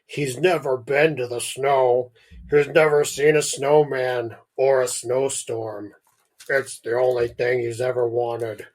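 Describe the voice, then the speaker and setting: A weary father, resigned and earnest, speaking slow and heavy, voiced by a man reading a story aloud. The voice sits a little above the reader's usual pitch. It sounds loud and pushed. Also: steady tone.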